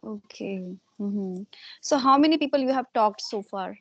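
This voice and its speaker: A woman's voice: medium pitch, expressive, no echo, muffled recording. A woman from India, a teacher politely asking questions in a conversation practice interview. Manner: polite, measured, asks questions. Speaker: English teacher and channel host.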